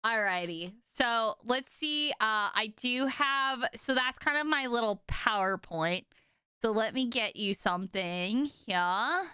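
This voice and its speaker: A young woman streaming casually to her chat, telling stories in an animated, exaggerated way with lots of "like" and "okay?". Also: on the high side, takes it slowly, clear, resonant tone, no room sound, clean studio sound.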